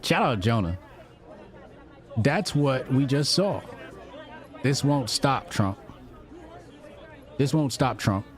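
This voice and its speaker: A man's voice: medium pitch, a little mellow. A man hosting a live stream, chatting loosely in slang, reading posts aloud and reacting to them. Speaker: livestream host. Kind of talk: casual live commentary.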